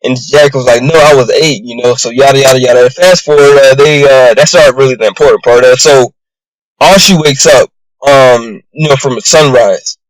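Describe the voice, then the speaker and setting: A man's voice: mid-range voice, normal speed, no room sound, rough recording. A man giving a casual, rambling recap of a show episode, full of fillers like "you know" and "bro". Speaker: YouTube show reviewer.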